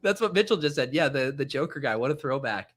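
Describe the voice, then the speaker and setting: A male host in casual live-stream chat, talking in quick, laughing banter. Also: medium pitch, animated, a bit bright.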